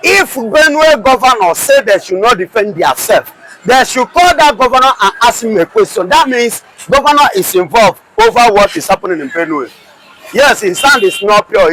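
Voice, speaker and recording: A man's voice: high-pitched, fairly bright tone, slight background noise, rough recording. A man with a Nigerian English accent giving heated political commentary, firing off repeated rhetorical questions. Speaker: commentator guest.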